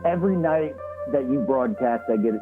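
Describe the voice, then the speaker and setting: A man's voice: medium pitch, expressive, moderate pace. A man calling in to a show, ranting and swearing. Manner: ranting, profane. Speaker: caller. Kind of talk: call-in rant. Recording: tinny phone line with faint music. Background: faint music.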